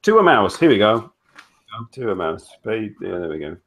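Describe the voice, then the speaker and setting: A man's voice: fairly low pitch, very animated, moderate pace. An older man hosting a casual online hangout, talking in a self-mocking way and tripping over his words. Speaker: host of a weekly online hangout. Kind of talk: casual chat.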